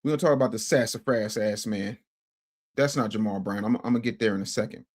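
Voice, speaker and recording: A man hosting a casual livestream, reading viewer chat and commenting, emphatic and repetitive, swinging from loud outbursts to low mutters. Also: fast talker. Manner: emphatic, repeats phrases for effect. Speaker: livestream host.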